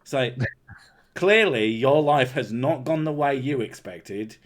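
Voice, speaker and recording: Guy hosting a podcast, rants and swears a lot, mid-pitched voice. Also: takes it slowly. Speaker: podcast host. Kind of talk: casual podcast chat.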